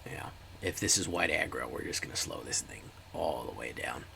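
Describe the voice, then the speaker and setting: Deep lively guy streaming a card game, gravelly voice, chatting with his chat. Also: normal speed, slight background noise. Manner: chatty, talks to live chat. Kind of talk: casual gameplay commentary.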